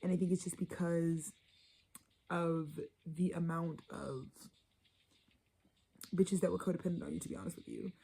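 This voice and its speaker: A woman's voice: fairly low pitch, steady tone, moderate pace, vocal fry, pauses often, mellow, slightly rough, rough recording. A woman giving a casual tarot reading, blunt and profane, rambling and sometimes dropping into a whisper. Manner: drops into whispers. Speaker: tarot reader.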